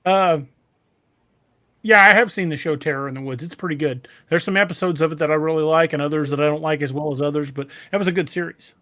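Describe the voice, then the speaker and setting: A man hosting a casual podcast conversation, halting and often restarting his sentences. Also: on the high side, sharp tone, no echo. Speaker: podcast host.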